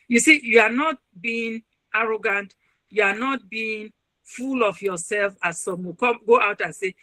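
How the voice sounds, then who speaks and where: A woman's voice: on the high side, animated, normal speed, fairly bright tone, no echo, poor audio. A woman, a university registrar and counselor, earnestly advising listeners in a webinar talk over a video call. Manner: earnest, advising, acts out quoted voices.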